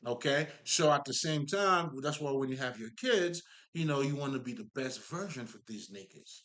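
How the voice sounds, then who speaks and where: A man's voice: medium pitch, expressive, normal speed, fairly bright tone. A man giving a casual spiritual monologue, emphatic and profane, rambling with many fillers and asides to his listeners. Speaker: spiritual talker.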